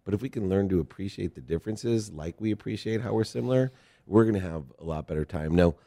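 A middle-aged man with a very deep, dark voice hosts a conversational podcast interview. He is from Ohio and talks in a rambling, earnest way. He often tells stories about his own life. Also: fast, gravelly. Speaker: podcast host.

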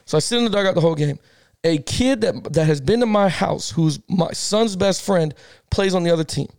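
Man, high voice, gravelly, middle-aged, animated storyteller, slangy, casual podcast co-host. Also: brisk, dry recording, clean studio sound. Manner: animated, fired-up storyteller who laughs often; slangy, repeats himself. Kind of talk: casual sports podcast chat.

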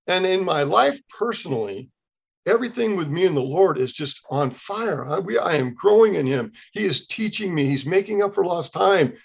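A man in his sixties with a gravelly, slightly husky voice, guesting on a podcast. He tells his own faith story in an animated way and jumps into the voices of the people he quotes. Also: high voice, moderate pace. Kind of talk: telling a personal testimony.

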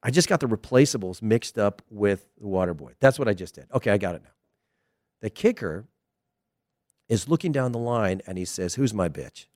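Low-voiced animated man talking soccer. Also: moderate pace, no room sound, clean studio sound. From United States. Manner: animated, digressive, emphatic. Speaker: soccer commentator, former player. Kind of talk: casual commentary monologue.

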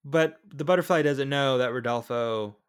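A man's voice: mid-range voice, normal speed, clear, resonant tone. A man co-hosting a podcast, casually recapping a film and checking plot points aloud. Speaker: podcast co-host. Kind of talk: casual film review chat.

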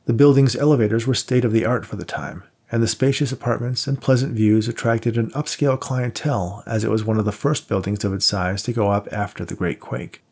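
A man with a low, gravelly voice reads a novel aloud. His tone is husky and a little rough at the edges. He keeps a steady, measured pace and shifts his voice slightly for the characters. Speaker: audiobook narrator. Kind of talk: scripted narration.

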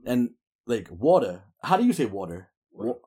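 A young man with a New York accent, talking loosely and full of slang, his pitch sitting right in the middle for a man. He fills his sentences with likes and you-knows and sounds relaxed in casual conversation. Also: normal speed, breathy edge. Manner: slangy, laid-back, full of fillers. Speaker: guest. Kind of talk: casual chat.

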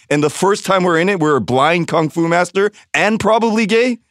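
On a podcast, a guest from Los Angeles speaks briskly with few pauses in a somewhat high, expressive voice. He tells a personal story bluntly and profanely, voicing what people said to him, in a dry, clean studio recording.

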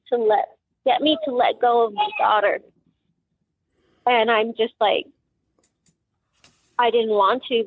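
Woman, emotional testimony, halting with fillers, husky, dry phone-line audio. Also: medium pitch, no echo. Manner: halting, many fillers and restarts. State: tearful, emotional. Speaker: mother of a crime victim.

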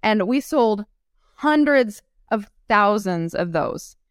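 A woman entrepreneur appears as an interview guest, chatting casually, acting out her stories' quotes and laughing often. Her mid-range voice is clear and resonant, and she talks at a slow pace. The dry recording has clean studio sound.

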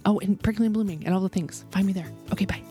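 A woman's voice: medium pitch, very fast, over music. Woman, thirties, podcast host, chatty, bubbly, casual. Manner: chatty, bubbly, frequent laughs and fillers. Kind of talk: casual podcast intro and interview.

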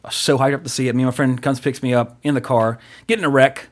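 A man's voice: mid-range voice, steady tone, fast. A man co-hosting a podcast, telling rambling stories full of fillers and swearing. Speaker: podcast co-host. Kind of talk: casual chat.

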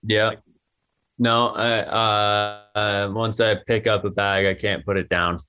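A man's voice: lowish voice, takes it slowly. A young man answering interview questions casually, with lots of "um" and "you know". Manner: relaxed, many "um" and "you know". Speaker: interview guest, athlete.

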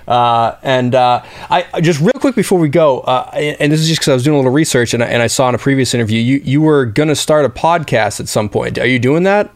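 A man hosting a casual podcast chat, speaking haltingly with many fillers and restarts. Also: medium pitch, animated, dry recording. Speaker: podcast host.

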